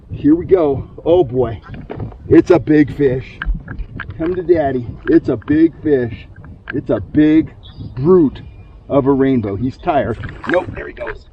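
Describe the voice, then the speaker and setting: Middle-aged guy on a fishing boat narrating his trolling setup, kinda high voice, gets super hyped on fish, faint outdoor noise. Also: dull audio. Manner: excitable, exclaims loudly when fish bite. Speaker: fishing channel host.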